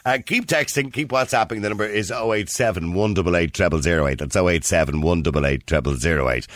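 Casting: Irish male radio host, brisk, lively, bone-dry studio sound. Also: low-pitched, no room sound. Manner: animated, joking, laughs often. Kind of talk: phone-in radio talk.

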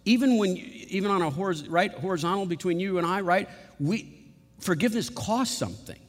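A man's voice: high voice, lively intonation. Preaching man in a reverberant hall. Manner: earnest preaching, slows for emphasis, repeats words. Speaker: pastor. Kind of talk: sermon.

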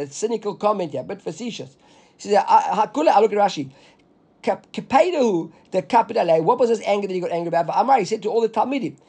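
High husky guy running a talmud class, keeps asking "right?". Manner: animated, explaining with frequent "right?". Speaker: Talmud teacher.

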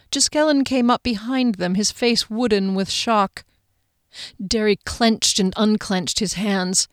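A woman narrates a fantasy tale at a measured storytelling pace in a mid-range voice. She reads from a script. The recording is dry and close, with no room sound. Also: mid-range voice, steady tone, clean tone, no echo. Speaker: audiobook narrator.

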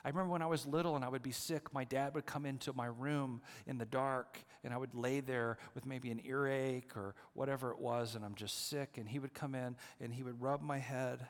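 A middle-aged man preaching a sermon as pastor, moving between hushed, prayerful near-whispers and lively storytelling. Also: medium pitch, a little fast, hardly any pauses. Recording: long hall reverb.

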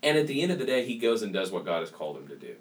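Low-voiced man hosting a podcast, mic a bit distant. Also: very animated, very fast. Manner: thoughtful, reads scripture aloud. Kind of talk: podcast conversation.

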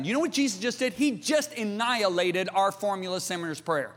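A middle-aged man preaching a sermon, emphatic and theatrical, jumping from shouts to hushed asides. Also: high voice, expressive, a little fast, hardly any pauses, long reverb tail.

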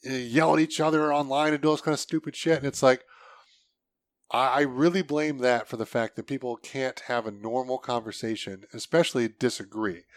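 A man's voice: medium pitch, fairly even intonation, fairly quick, no room sound, clean studio sound. A man in casual conversation, blunt and opinionated, swearing freely as he argues his points. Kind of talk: casual podcast chat.

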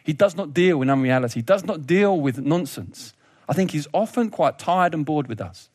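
Guy preaching, fairly high voice, jokey and animated, laughs a lot, dry close sound. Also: normal speed, dry recording. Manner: lively, humorous, laughs often, repeats words. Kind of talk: sermon.

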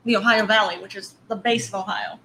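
Woman podcast co-host, bright higher voice, rambling casual news chat, faint background hiss. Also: fairly even intonation, fast talker, poor audio. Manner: rambling, self-correcting news recap.

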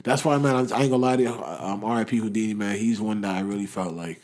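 A young man from the area, telling stories in a slangy, animated way during a casual chat. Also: on the low side, quick pace. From Toronto area, Canada.

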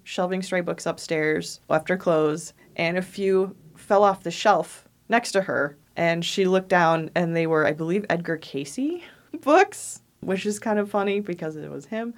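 A woman with a fairly low voice tells ghost stories in a relaxed chat. She laughs often and slips into the voices of the people she quotes. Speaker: podcast co-host telling ghost stories. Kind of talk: casual storytelling chat.

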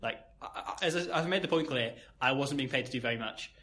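Young man, bright wry storyteller. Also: medium pitch, quick pace. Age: young adult. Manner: wry, self-mocking storyteller with hedging fillers. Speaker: podcast co-host telling a story. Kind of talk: casual chat, anecdote.

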